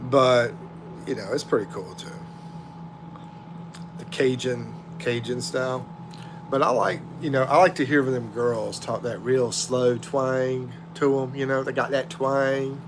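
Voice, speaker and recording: A man's voice: medium pitch, fairly even intonation, a little slow, noisy background. A middle-aged man hosting a casual livestream, chatting in a drawling, rambling way as he reads out viewer comments. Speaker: livestream host.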